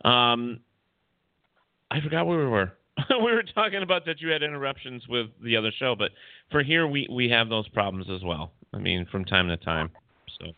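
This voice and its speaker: A man hosting a talk radio show, chatting casually and filling pauses with agreement. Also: mid-range voice, animated, dry recording. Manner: apologetic, fills with "yeah". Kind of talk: casual interview chat. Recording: tinny dry phone line.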